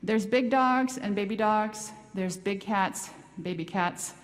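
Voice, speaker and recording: A woman voicing a busy flight attendant who talks in a brisk, sassy way. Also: medium pitch, close to an everyday voice. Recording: long echoing hall reverb.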